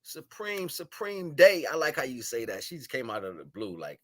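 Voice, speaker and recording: A man on a livestream giving a spiritual monologue, shifting between solemn murmurs, loud scolding and slangy, laughing chat with viewers. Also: on the high side, sing-song, normal speed. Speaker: live stream host. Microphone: live stream microphone.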